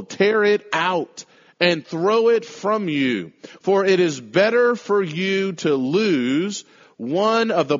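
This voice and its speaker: A man preaches a sermon with dramatic swings between loud, forceful lines and hushed, slow ones. His voice sits fairly high for a man. The sound is muffled, and a long reverb trails off in a church hall.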